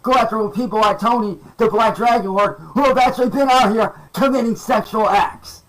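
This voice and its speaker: A man with a very high voice rants in anger. He swears freely and spits out accusations in a heated rant. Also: fairly even intonation, normal speed, fairly bright tone, low-quality recording. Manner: angry, swearing, ranting. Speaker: streamer in a played clip.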